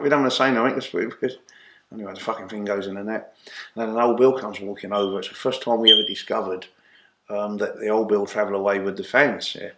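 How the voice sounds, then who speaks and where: Bloke spinning rambling stories, lots of ums and restarts, echoey room. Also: male voice, fairly low pitch. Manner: rambling, animated anecdotes with frequent restarts and fillers. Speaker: interview guest. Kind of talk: casual storytelling interview. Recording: roomy echo.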